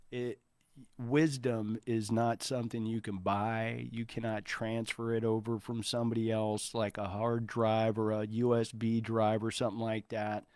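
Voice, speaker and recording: A man's voice: lowish voice, a little mellow, clear, resonant tone, no echo, studio quality. A man in his forties, an entrepreneur guest in an interview, giving earnest advice with frequent restarts. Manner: earnest, advising, many restarts. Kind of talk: casual interview talk.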